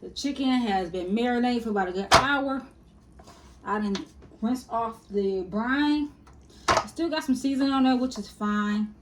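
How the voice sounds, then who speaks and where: A woman's voice: on the high side, normal speed, heavy background noise. A woman, chatting casually to her viewers as she cooks in her home kitchen and calls them y'all and baby. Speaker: cooking vlogger. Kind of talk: casual cooking tutorial.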